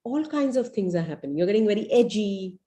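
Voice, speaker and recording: A woman's voice: medium pitch, expressive, quick pace, warm tone. A middle-aged woman teaching a live webinar as a parenting coach. She talks earnestly, guides listeners through a visualization, and often checks in with "you know" and "right?".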